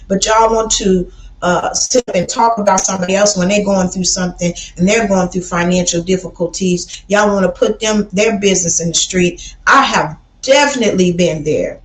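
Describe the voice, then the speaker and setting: A Chicago woman hosts a casual livestream, talking bluntly and preachily and often calling her listeners "baby." Her voice is medium-pitched, and the rough recording sounds like it was made in an echoey room.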